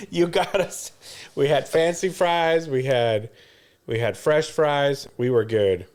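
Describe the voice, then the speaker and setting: A man's voice: fairly high pitch, slow pace, darkish tone. Chatty storytelling man podcaster. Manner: storytelling, laughs often, chatty. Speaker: podcast co-host. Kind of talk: casual chat.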